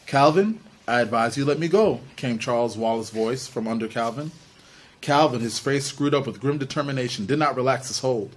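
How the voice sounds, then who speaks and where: A man reading a novel aloud for an online book club, steady and with small slips. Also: a little high.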